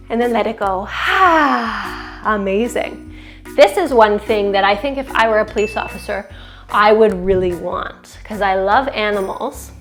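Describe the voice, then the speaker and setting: A young woman teaching a children's yoga class, encouraging and playful, singing short chants between poses. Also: on the high side. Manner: cheerful, encouraging, sings short chants and makes animal and siren sounds.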